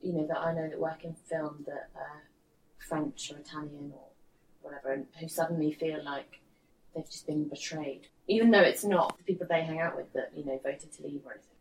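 A woman in casual chat, agreeable and quick to chime in. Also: low-pitched, steady tone, rough recording. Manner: agreeable, chiming in, laughs often.

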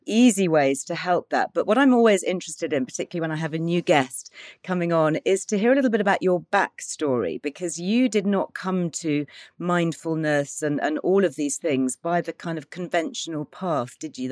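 A woman's voice: deep voice, animated, moderate pace, darkish tone, no echo, clean studio sound. A woman hosting a podcast, reading her introduction and then interviewing her guest with enthusiasm. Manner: upbeat and enthusiastic. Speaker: podcast host.

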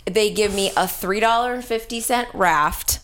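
A woman from Texas tells a story on a podcast, swearing freely and acting out her own side of the conversation. Her pitch sits in an ordinary middle range. She keeps the delivery loose and animated throughout. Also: normal speed. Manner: profane, animated, chatty. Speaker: podcast co-host. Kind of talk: casual comic storytelling.

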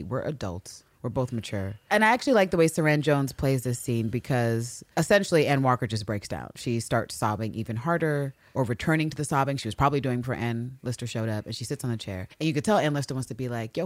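A woman co-hosting a casual recap podcast, animated, acting out characters in exaggerated voices and swearing freely. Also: a bass voice, quick pace, few pauses, no room sound. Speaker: podcast co-host.

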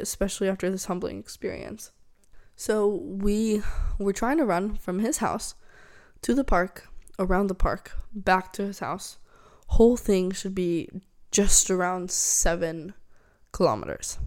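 Rambling through a casual solo chat full of fillers, this young adult woman hosts her own podcast. She speaks in a mid-range voice with a darkish tone.

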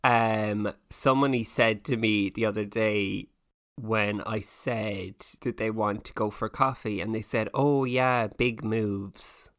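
A man's voice: fairly low pitch, steady tone, a bit bright, dry recording. A man co-hosting a podcast, joking casually and teasing his co-host. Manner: playful, jokey, reads aloud haltingly. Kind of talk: casual chat.

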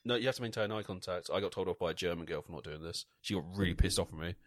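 Deep-voiced man joking over a pint. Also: racing, background noise. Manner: crude, joking banter. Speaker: podcast co-host. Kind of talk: casual chat. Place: small indoor room, drinking a pint.

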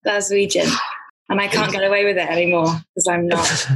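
A woman who grew up in Glasgow but now speaks with an English accent, chatting loosely as an interview guest. Her voice is soft and breathy, with a pitch that sits in the middle. She laughs easily and circles back through restarts as she thinks. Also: level tone, moderate pace. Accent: English, neutral. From Scotland, grew up in Glasgow. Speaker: actor, guest. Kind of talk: casual interview chat.

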